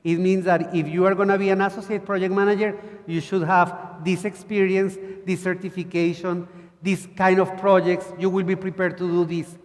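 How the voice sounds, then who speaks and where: Guy giving a keynote, high-ish voice, big echoey conference hall. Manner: animated storytelling with acted quotes and audience asides. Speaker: conference speaker. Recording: long hall reverb.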